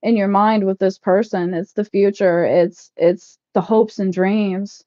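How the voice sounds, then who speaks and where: Woman, 30s, casual live chat, loud, laughing, swearing, dry, muffled lo-fi sound. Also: mid-range voice, fairly even intonation, a little slow, no echo. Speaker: livestream vlogger. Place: shed, packing up.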